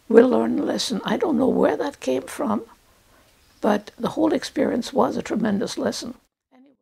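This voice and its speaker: A woman in her eighties telling her own life story as personal testimony, speaking in a halting, reflective way with pauses and restarts. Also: on the high side, creaky, darkish tone, slightly rough, rough recording. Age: 80s. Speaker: Holocaust survivor recounting her experience.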